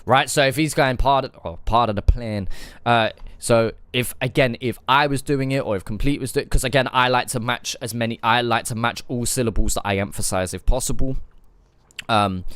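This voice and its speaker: A man's voice: mid-range voice, steady tone, fairly quick, fairly bright tone, clean tone, dry recording. A man on a live stream reviewing new rap songs, thinking aloud and repeating lyrics to pick apart their rhymes. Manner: analytical, thinks aloud with fillers, repeats lyrics to break them down. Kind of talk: casual live-stream music reaction and breakdown.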